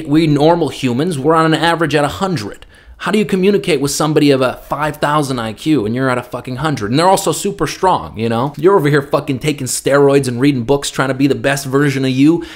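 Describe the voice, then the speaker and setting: A man in a casual opinion vlog, joking and rambling with plenty of swearing. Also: medium pitch. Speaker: vlogger.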